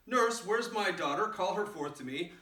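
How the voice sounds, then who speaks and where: A man's voice: high-pitched, animated, moderate pace, pushed and bright. A man voicing a cool, formal noblewoman addressing her household, recorded in a roomy space with the mic far off. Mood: commanding.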